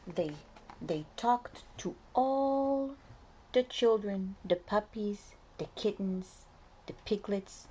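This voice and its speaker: Preschool teacher lady reading a storybook to little kids, animated, lots of soft whispery bits, mid pitch. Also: slow pace, slight background noise. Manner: animated, often drops to a soft whisper, talks to the children. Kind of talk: picture book read-aloud for young children.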